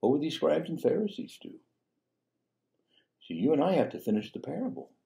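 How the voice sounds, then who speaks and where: This priest's voice is a little high, creaky, and warm, very animated and brisk as he teaches a parable. His conversational sermon is packed with rhetorical questions, asides, and repeated "you know" and "see?".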